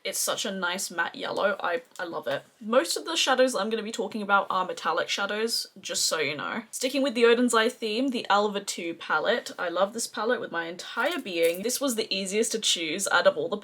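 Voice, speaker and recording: A chatty Australian woman talks through her favourite eyeshadows in a casual beauty review. She gushes freely, sitting at an ordinary, middling pitch. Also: a bit bright. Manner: gushing, chatty, effusive. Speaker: beauty vlogger.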